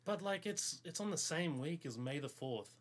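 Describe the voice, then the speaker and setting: A young Australian man co-hosting a casual podcast, giggly and animated. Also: on the high side, moderate pace. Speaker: podcast co-host, band member. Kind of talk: casual chat.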